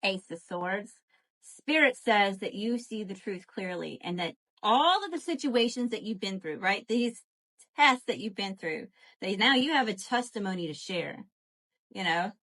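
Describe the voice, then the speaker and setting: A woman doing a live tarot reading, animated and profane, calling to her viewers as y'all. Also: mid-range voice, measured pace. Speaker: tarot reader.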